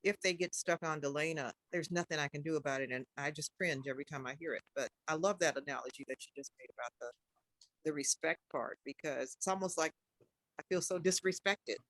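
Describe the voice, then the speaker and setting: An older woman speaks up on a video call, emphatic and expressive as she makes her point. Her voice is recorded dry and close, with no room sound around it. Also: sits low, brisk, dry recording. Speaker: participant. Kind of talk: casual chat.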